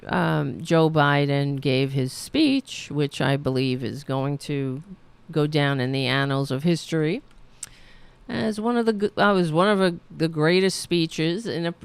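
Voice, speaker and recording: A woman's voice: low-pitched, vocal fry, clear, resonant tone, dry recording. A woman hosting a political livestream, rambling casually with many fillers while losing her voice. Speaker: host of a political livestream show.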